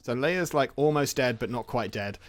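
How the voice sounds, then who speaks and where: A man rambles through a casual plot recap while he plays a game. He jokes, restarts and laughs often. His voice sits at an ordinary middle pitch. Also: normal speed. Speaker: gaming channel host.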